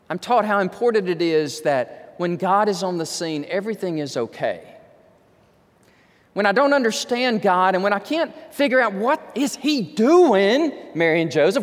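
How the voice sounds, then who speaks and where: A man's voice: high-pitched, in a large hall. A man preaching a sermon, talking conversationally and building to impassioned pleading. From Texas. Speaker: pastor.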